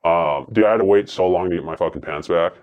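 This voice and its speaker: A man's voice: sits low, darkish tone. A man guest telling profane, rambling stories in a casual chat, full of fillers. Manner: rambling, profane, fast anecdotes with many fillers. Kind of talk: casual storytelling.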